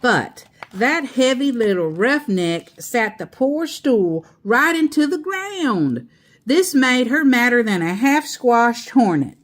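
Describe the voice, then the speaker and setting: A woman reading a children's picture book aloud in a slow, expressive storyteller voice. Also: on the high side. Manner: slow, expressive, laughing asides.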